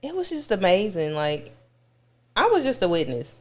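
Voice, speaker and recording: A woman's voice: mid-range voice, very animated, moderate pace, fairly bright tone. A woman recounting an experience in casual conversation, effusive and repeating words for emphasis. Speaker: guest describing her experience.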